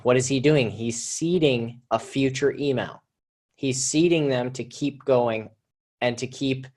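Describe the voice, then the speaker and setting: A man teaching a live online copywriting lesson, talking in a conversational, energetic way, restarting phrases and repeating himself as he explains. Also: medium pitch. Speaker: marketing teacher.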